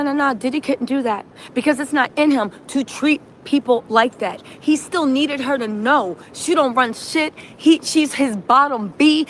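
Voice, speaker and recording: A woman hosting a reaction livestream, recapping events in animated storytelling, acting out quotes and often asking "right?". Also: high voice, a little hiss or hum. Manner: punctuates with "right?". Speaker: streamer host.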